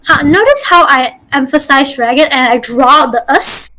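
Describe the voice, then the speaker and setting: A woman from Malaysia hosting an online voice-acting workshop as dungeon master. She talks in a chatty, coaching way and gives quick corrections over a video call. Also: high-pitched, expressive, fairly bright tone, rough recording.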